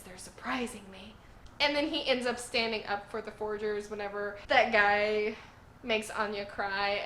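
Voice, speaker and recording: A woman's voice: medium pitch, fairly bright tone, reverberant, slight background noise. A woman reviewing a manga series in casual chat, giggling often and saying "like" a lot. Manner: giggly, enthusiastic, says "like" a lot.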